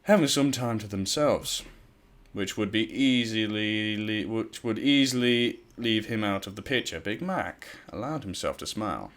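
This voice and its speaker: A man's voice: on the low side, lively intonation, a little slow, a bit bright. A man casually reading a fan story aloud, stumbling over words and breaking off into profane, self-mocking asides. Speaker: fan fiction reader.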